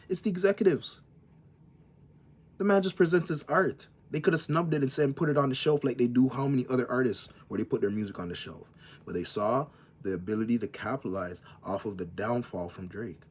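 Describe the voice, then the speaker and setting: A man's voice: fairly low pitch, slight background noise. Emphatic Canadian man with slang. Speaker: commentator. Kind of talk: opinionated commentary rant.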